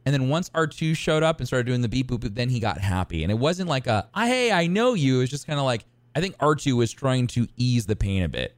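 Excitable male podcast co-host, lively pitch swings, dry close sound, rambling delivery. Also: fast, few pauses, dry recording. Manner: excitable, rambling with many restarts. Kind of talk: casual chat.

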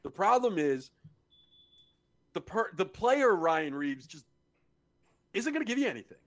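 A man's voice: high-pitched, very animated, measured pace, fairly bright tone. Blunt, swearing man talking hockey. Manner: blunt, swears freely, analytical. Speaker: podcast co-host. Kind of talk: casual sports talk.

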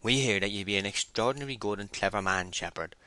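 A man's voice: fast talker, bright, forceful tone, no room sound. A man voicing a timid farmhand who speaks in a raised, trembling, anxious voice. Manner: trembling, anxious and high-pitched. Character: timid, nervous young farmhand.

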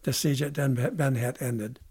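A man in his seventies, a military veteran, telling war stories in a halting, casual way. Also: medium pitch, fairly even intonation, darkish tone, slightly rough. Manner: halting, with many restarts and fillers. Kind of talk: casual storytelling interview.

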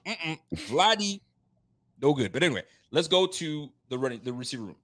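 A man hosting a casual sports podcast, animated and laughing, getting loud for emphasis. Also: fairly high pitch, brisk. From Haitian roots. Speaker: podcast host.

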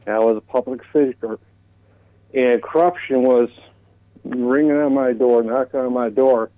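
An earnest male caller heard over a narrow, tinny phone line. He speaks haltingly, repeating words as he works through his point, and the sound is dry. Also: medium pitch, no room sound. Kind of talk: call-in radio chat. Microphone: telephone line.

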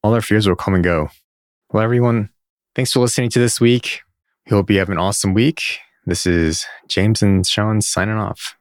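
Calm low-voiced podcast host. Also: male voice, moderate pace, dry recording, studio quality. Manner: calm, supportive, wraps up the show. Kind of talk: casual podcast chat.

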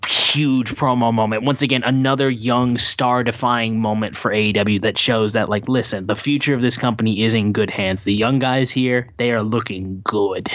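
A man co-hosting a wrestling podcast, chatting casually and rambling with lots of fillers, acting out quotes in higher voices. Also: fairly even intonation, normal speed, hardly any pauses, a bit bright, dry recording, muffled recording. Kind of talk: casual show recap chat. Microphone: his own mic acting up.

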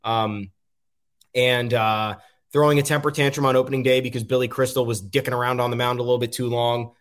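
A man's voice: mid-range voice, flat delivery, a little fast. A man hosting a casual sports talk show, rambling and frustrated, with frequent ums. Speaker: podcast host.

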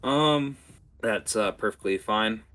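A man running a tabletop game as game master, talking in a lively, rambling way with fillers. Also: lowish voice, slow pace.

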